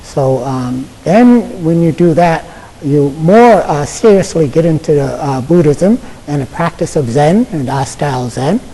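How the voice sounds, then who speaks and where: Husky-voiced American monk in echoey hall. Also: male voice, fairly high pitch, expressive, dark tone. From United States. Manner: halting, conversational, many fillers and repeated "okay?". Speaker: Buddhist monk. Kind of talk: Zen dharma talk to an audience.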